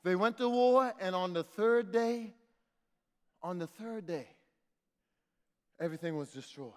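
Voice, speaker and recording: Middle-aged male preacher, high and bright, rhythmic refrains, long church reverb. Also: a little slow. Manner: rhythmic call-and-response preaching, shouting refrains. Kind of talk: sermon. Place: church sanctuary.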